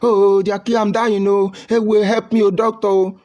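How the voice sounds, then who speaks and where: A melodramatic male patient begs the doctor to save him, his cries pitched high and loud, as a man puts him on. The voice has a husky grain. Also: big pitch swings, measured pace, full character voice. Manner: melodramatic pleading. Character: male patient crying out dramatically over a scratch.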